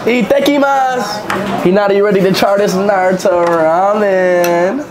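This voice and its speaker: A young American man with a sore throat, vlogging casually on city streets and talking in loud, excitable bursts. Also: high-pitched, normal speed, a crowd in the background. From United States. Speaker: livestreamer vlogger. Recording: noisy street background.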